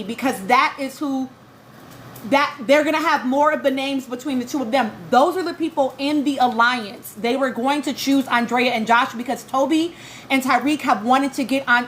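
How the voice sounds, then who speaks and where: A high-pitched woman hosting a live reality TV recap stream, talking straight to her chat in a loose, exasperated rant. She greets viewers by name between profane complaints, and a faint hiss of ambient noise sits under her voice. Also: fairly bright tone, rough recording. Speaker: livestream podcast host.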